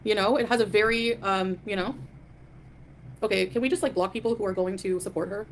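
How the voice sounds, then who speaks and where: A woman hosts a live stream, ranting casually in a defiant, dismissive way while greeting chat viewers. Her medium-pitched voice is a little fast, with slight background noise.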